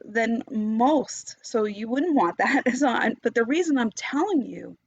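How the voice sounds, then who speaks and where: A woman's voice: fairly high pitch, husky, dry recording. A woman meditation teacher in an impassioned, unscripted monologue, swearing freely and restarting her sentences. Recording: dull, dry, lo-fi recording.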